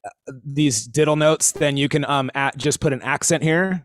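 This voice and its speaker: Counting in and singing rhythms out loud, this man runs a live online drum warm-up session, his speech halting and packed with fillers. He has a medium-pitched voice, and faint hiss or hum is audible.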